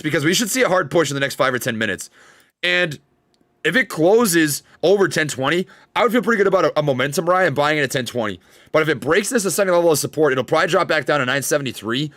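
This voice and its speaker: A young man with a Minnesota accent hosting a live trading podcast, talking fast and hyped. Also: a little high, no echo, clean studio sound. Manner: fast-talking, energetic hype. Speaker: podcast host. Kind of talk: casual trading livestream chat. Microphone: studio desk microphone.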